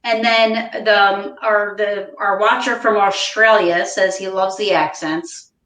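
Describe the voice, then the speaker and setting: A woman's voice: medium pitch, fairly even intonation, a little slow, fairly bright tone. A woman hosting a video call chat, friendly and hesitant, with many fillers. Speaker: podcast host. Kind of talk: casual chat. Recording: echoey room, distant from mic.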